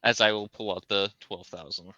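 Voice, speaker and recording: A man playing a tabletop game, speaking slowly and deadpan with frequent sighs. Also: lowish voice, dry recording, dull audio. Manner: slow, sighing, deadpan. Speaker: player. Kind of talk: casual tabletop play.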